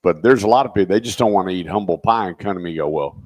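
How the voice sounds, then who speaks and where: A man co-hosting a radio show on car finance, plainspoken, telling stories about customers and clearing his throat. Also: low voice, rapid-fire, a little mellow, no room sound, studio quality. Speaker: auto finance co-host. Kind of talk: casual radio talk. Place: radio studio. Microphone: studio microphone.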